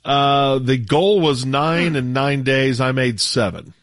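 A man from the United States, a radio show regular, chatting casually on air in a laid-back, halting way with frequent laughs. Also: medium pitch, no room sound, studio quality.

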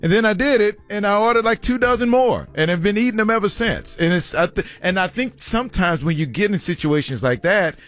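Animated man chatting casually. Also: high-pitched, a little fast, hardly any pauses, soft background music. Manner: storytelling, animated quoted asides. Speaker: podcast co-host. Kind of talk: casual chat.

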